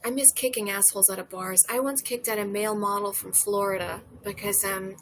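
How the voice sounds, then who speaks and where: A woman's voice: mid-range voice, fairly even intonation, a little fast, a bit bright, a little hiss or hum. A woman comedian in casual chat, telling candid, profane stories full of fillers, recorded outdoors on a porch.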